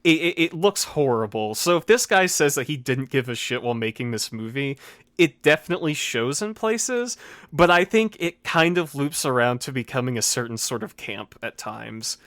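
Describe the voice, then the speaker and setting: A man's voice: mid-range voice, animated, normal speed, fairly bright tone, dry recording, studio quality. A man hosting a casual podcast chat, riffing with enthusiastic, profane humor. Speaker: podcast host.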